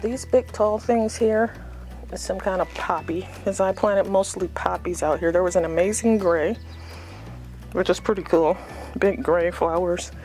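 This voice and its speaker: A woman's voice: on the low side, unhurried, a little mellow, soft background music. A woman giving a casual, unscripted tour of her front yard garden, chatty and rambling with self-deprecating asides, filmed outdoors on a phone.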